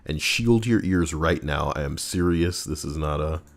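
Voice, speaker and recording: A man live-streaming, reacting and chatting casually, swinging between loud outbursts and low mutters. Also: normal speed.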